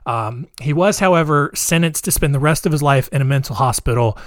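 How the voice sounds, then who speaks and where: A young man with a slightly high voice casually recounts a true-crime story. He is chatty and loose, full of fillers and asides, recorded dry and close. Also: brisk, no echo.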